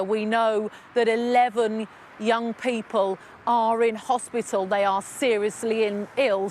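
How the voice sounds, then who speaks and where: A woman reporting live from outdoors on location, explaining clearly and informatively. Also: mid-range voice, slight background noise. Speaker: news reporter.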